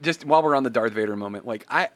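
A man's voice: medium pitch, racing. A man chatting casually, telling stories with lots of laughter and acted-out quotes. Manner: animated, laughing storyteller, acts out quotes. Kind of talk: casual chat.

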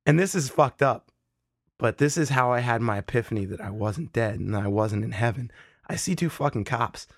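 A man's voice: mid-range voice, moderate pace, vocal fry, no room sound, clean studio sound. A man casually telling a wild story, swearing freely and acting out the people in it. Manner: profane, animated, acts out the people in his stories.

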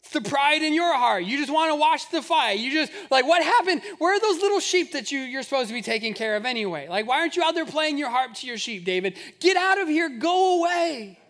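A man's voice: very high-pitched, expressive, brisk, hardly any pauses, fairly bright tone, pitched above the performer's own voice. A man voicing a young, annoyed older brother who mocks and dismisses his sibling in a sermon story. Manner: mocking, dismissive.

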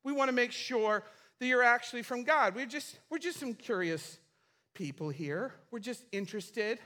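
A man voicing scheming Pharisee men who pretend to be innocent and curious, in a soft, falsely sweet tone. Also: very high voice, expressive, normal speed, heavily acted. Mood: feigned innocence.

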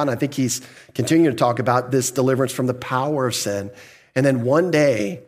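A male pastor with a medium-pitched voice preaches a sermon, posing questions to the congregation, answering them himself, and chuckling now and then.

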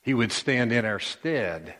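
A man preaching a sermon as pastor, slow and emphatic, pausing often and repeating phrases. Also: mid-range voice, animated, fairly bright tone. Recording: long reverb of a church hall.

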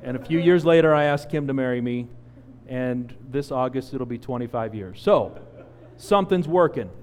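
A man in his forties preaching a sermon, telling a personal story with lively acted-out quotes. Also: mid-range voice, moderate pace, in a large hall, slight background noise. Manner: animated storyteller, acts out quotes. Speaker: pastor.

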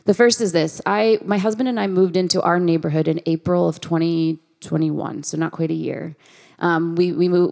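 A woman's voice: lowish voice, vocal fry. A woman, preaching a conversational sermon full of personal stories and quoted dialogue. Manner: conversational, lively, acts out quoted voices. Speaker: guest preacher.

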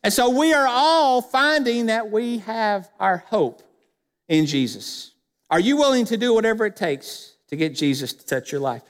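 Male pastor, high-pitched and emphatic, preaching with rhetorical questions in a church with a long reverb. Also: animated, normal speed. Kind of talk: sermon. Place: church sanctuary.

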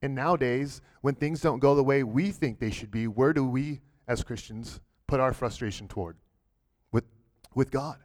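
A man's voice: medium pitch, moderate pace, darkish tone. A man preaching a sermon in a church, earnest and direct, often restarting and repeating words as he builds a point. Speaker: pastor.

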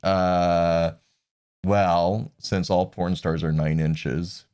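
A man's voice: low voice, steady tone, very slow, a little mellow, dry recording, clean studio sound. A gay man co-hosting a podcast, joking wryly and laughing easily in casual banter. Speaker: podcast co-host.

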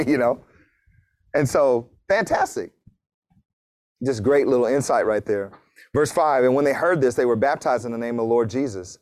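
Joking and laughing with his congregation, this pastor delivers a relaxed sermon with scripture readings and acted asides. He speaks at a moderate pace in a medium-pitched voice with lively intonation.

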